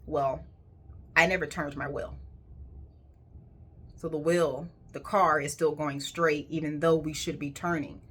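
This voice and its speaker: Candid low-voiced woman telling a story. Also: steady tone, unhurried, pauses often, fairly bright tone, husky. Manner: candid, emphatic, swears casually. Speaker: colon hydrotherapist. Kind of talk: personal storytelling.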